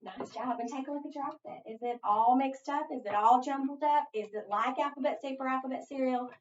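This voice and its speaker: A woman's voice: high-pitched, fairly quick, slight background noise. A middle-aged woman teaching phonics to a child, asking patient prompting questions. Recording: echoey, distant, dull recording.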